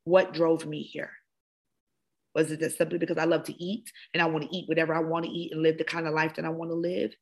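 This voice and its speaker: A woman's voice: deep voice, flat delivery, fast talker, vocal fry. A woman hosting a wellness podcast, giving an impassioned motivational talk full of repeated phrases. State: emotional. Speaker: podcast host, wellness coach. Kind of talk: motivational monologue.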